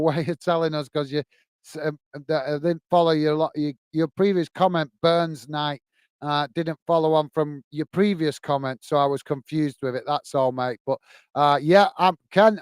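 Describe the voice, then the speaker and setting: A man's voice: fairly high pitch, clean tone, dry recording. A man from England hosting a football watch-along, chatting casually and reading out viewer comments with friendly thanks. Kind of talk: casual live-stream chat.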